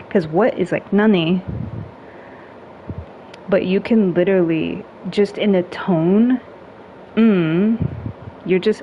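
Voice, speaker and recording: A woman talks in a casual, chatty way, full of "like"s and small humming sounds. Her voice sits a little low. The recording is dull and lo-fi with faint noise behind it. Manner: relaxed, chatty, heavy use of "like" and hums; playful with tone, acting out little sounds. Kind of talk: casual chat.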